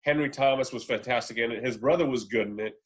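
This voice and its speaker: On a casual film podcast, a male co-host with a mid-range voice talks fast, rambling through his opinions on movies with plenty of fillers and restarts.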